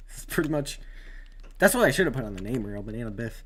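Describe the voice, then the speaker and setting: A man commentating his own sim race on a live stream, rambling with many fillers and sudden excited outbursts. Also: mid-range voice, fast, a little hiss or hum.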